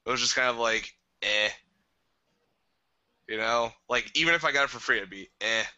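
A man's voice: medium pitch, quick pace, pushed and bright, no echo. A man co-hosting a podcast in casual chat, rambling with lots of "like" and easy laughs. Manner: rambling, filler-heavy, laughs easily. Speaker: podcast co-host. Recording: dry lo-fi sound.

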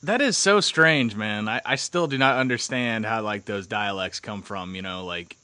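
A man's voice: lowish voice, normal speed, bright, forceful tone, no room sound. Upbeat young American man, dry close sound. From United States. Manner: easygoing, upbeat, joking. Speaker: podcast host. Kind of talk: casual chat.

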